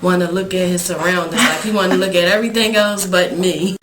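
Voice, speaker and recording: A woman's voice: lowish voice, fairly even intonation, brisk, noisy background. A young woman speaking as an incarcerated mother in a documentary interview, talking casually and hesitantly with many fillers. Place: prison visiting area. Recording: echoey room with crowd behind.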